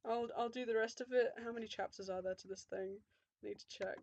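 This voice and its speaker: A woman's voice: mid-range voice, little pitch movement, fairly quick, darkish tone, no echo, dull audio. A woman giving a comedic dramatic reading of fan fiction, with sarcastic asides and frequent swearing. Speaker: channel host reading fan fiction aloud.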